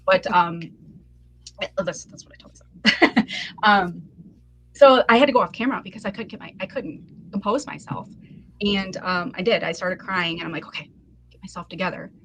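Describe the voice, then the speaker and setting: A woman telling a story on a podcast in an earnest, openly emotional way. Her voice sits at a middle pitch. Faint noise hangs behind her. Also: normal speed, long pauses, a bit bright. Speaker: podcast guest, live seller. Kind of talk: casual chat.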